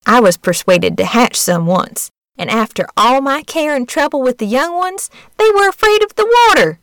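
A woman's voice: high voice, animated, normal speed, fairly bright tone, no echo, clean studio sound, voice pushed up. A woman voicing an old, know-it-all duck in a storybook reading, giving knowing advice.

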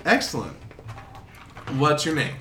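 A man's voice: a little high, very animated, unhurried, pitched above the performer's own voice. Man voicing a fussy guild clerk. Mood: officious. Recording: roomy, distant mic with faint noise.

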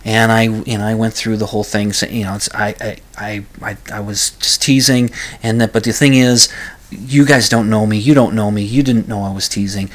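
A man's voice: lowish voice, steady tone, normal speed, fairly bright tone. A man hosting his own talk show alone, rambling and self-deprecating, with many restarts and fillers. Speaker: podcast host. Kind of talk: casual solo monologue.

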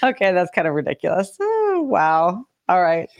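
A woman's voice: lowish voice, wildly swooping pitch, moderate pace. A woman with a Queens, New York accent co-hosting a podcast, bantering sarcastically and teasing her co-host. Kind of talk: casual chat.

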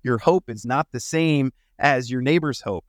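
A man's voice: mid-range voice, unhurried, dry recording, studio quality. A man, an entrepreneur guest on a podcast, talking earnestly and telling personal stories in a casual conversation, sometimes acting out the voices of people he quotes.

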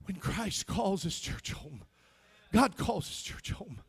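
A high-voiced American man preaches a sermon. He tells his story in near-whispers and builds to loud, shouted praise. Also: big pitch swings, measured pace, slightly rough. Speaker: pastor.

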